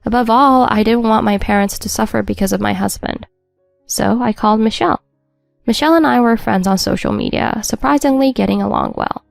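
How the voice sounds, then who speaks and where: A woman's voice: a little high, a little fast, gravelly, no echo, soft background music. A woman narrating a first-person story in a wry, matter-of-fact scripted read.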